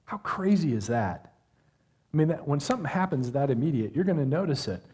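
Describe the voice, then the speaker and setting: Animated preacher man reading scripture. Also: on the high side, a little fast, slightly rough. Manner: animated, conversational, asks the audience questions. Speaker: pastor.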